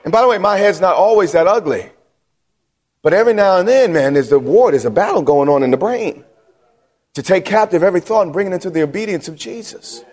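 Pastor guy preaching hard, keeps asking the congregation are you with me, voice a bit high, big echoey church sound. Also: darkish tone. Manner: emphatic preaching with repetitions and questions to the congregation. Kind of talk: sermon. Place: church sanctuary. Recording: long hall reverb.

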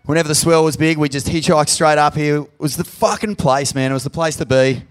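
An Australian man hosts a live podcast show in front of a crowd in a pub. He swears freely and talks in an effusive, hyped-up way. His voice sits fairly high for a man. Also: fairly quick. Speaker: podcast host.

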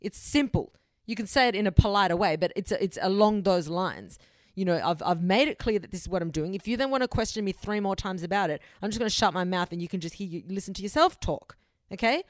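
A woman's voice: medium pitch, fast, no echo, studio quality. A young woman hosting a solo advice podcast, speaking bluntly and frankly, with casual swearing. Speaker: podcast host.

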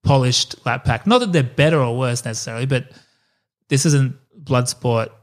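An Australian man co-hosts a podcast, telling stories in a loose, casual chat full of swearing and asides. His voice is medium-pitched and his pace moderate.

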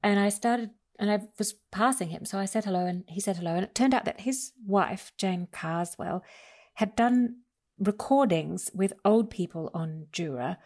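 Woman author with a gravelly voice. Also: mid-range voice, normal speed, darkish tone. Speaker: author and interview guest. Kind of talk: relaxed storytelling in conversation.

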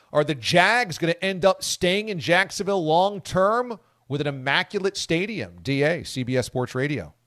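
A man's voice: sits high, fairly bright tone, dry recording, clean studio sound. A man hosting a sports radio show in casual, joking banter, reading out listener messages. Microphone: studio microphone.

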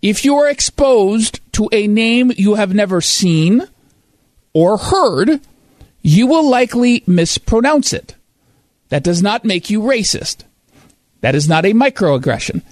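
High-pitched guy ranting sarcastically, dry close studio sound. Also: very animated, a little slow, darkish tone, no room sound. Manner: sarcastic, emphatic. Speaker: talk show host. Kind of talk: opinion commentary, reading and reacting.

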